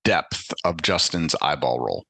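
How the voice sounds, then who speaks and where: A man chatting as a podcast guest, his pitch rising and falling freely as he tells corny jokes. His voice is bright and forward. The recording is dry and close, with no room sound. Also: expressive, measured pace, vocal fry, no echo. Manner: tells dad jokes with quoted voices, laughs at his own jokes. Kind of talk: casual podcast chat.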